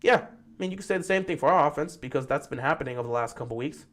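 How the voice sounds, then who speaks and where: A man's voice: a little high, expressive, racing, fairly bright tone. A man hosting a live-stream football talk show, greeting viewers and arguing his points animatedly.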